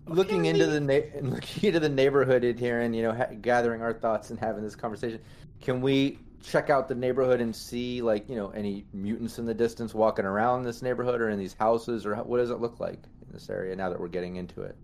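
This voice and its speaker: Male player, gravelly voice, rambling and laid-back. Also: mid-range voice, fairly even intonation, fast, darkish tone.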